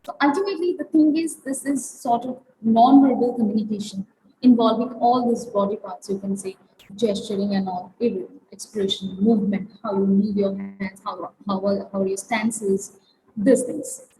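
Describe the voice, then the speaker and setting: A woman giving an online workplace training lecture, talking haltingly with many fillers and restarts. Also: mid-range voice, dark tone, poor audio. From India. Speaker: webinar trainer.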